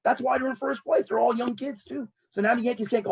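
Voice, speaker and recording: High husky ranting man. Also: quick pace, low-quality recording. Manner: animated, ranting, mocking quotes. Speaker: sports talk show host. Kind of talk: casual sports chat.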